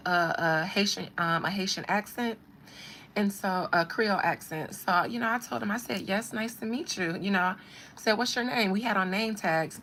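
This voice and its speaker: Frank, animated woman telling a story. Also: fairly low pitch, a little hiss or hum. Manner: animated, frank, swears freely. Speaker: podcast storyteller. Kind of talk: casual storytelling.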